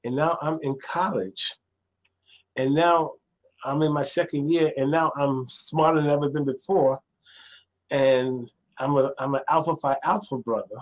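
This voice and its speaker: A middle-aged man, a librarian guest, telling stories in a lively conversational way and acting out the voices of people he quotes. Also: unhurried, poor audio. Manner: acts out quoted voices, jumping much higher. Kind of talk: animated storytelling in conversation.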